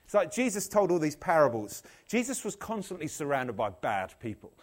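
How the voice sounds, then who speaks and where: Animated man preaching a sermon. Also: fairly high pitch, normal speed. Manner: animated storyteller, jokey, acts out the people in his stories. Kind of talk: lively sermon.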